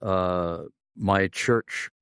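Deep-voiced man hosting a faith interview. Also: steady tone, fairly bright tone, smooth, no room sound, clean studio sound. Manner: measured, pausing often with "uh". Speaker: pastor and podcast host. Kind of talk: conversational interview.

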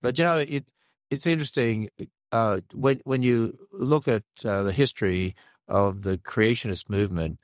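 An older man with an Australian accent, speaking earnestly and haltingly as a radio interview guest. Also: medium pitch, dry recording, clean studio sound. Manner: earnest, measured, halting with restarts. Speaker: guest, creationist ministry leader.

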